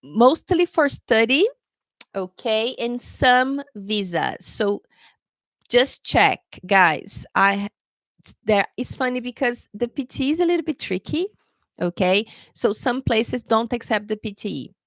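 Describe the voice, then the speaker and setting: A woman's voice: fairly high pitch, animated, slow pace, fairly bright tone, dry recording. A woman tutoring English test takers in a casual live question-and-answer lesson, chatty and often adding "okay, guys".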